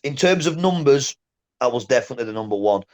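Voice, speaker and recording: A man, a former boxer telling stories in a casual interview, blunt and animated, often saying "mate". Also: mid-range voice, fast talker. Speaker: guest, former boxer and coach.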